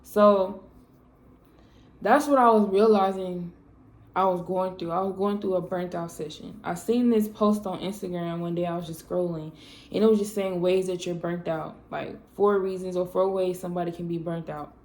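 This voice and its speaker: A woman's voice: on the low side, steady tone, moderate pace, darkish tone. A young woman vlogger talking candidly and emotionally about burnout, rambling with lots of fillers in a confessional way. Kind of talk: candid personal talk to camera.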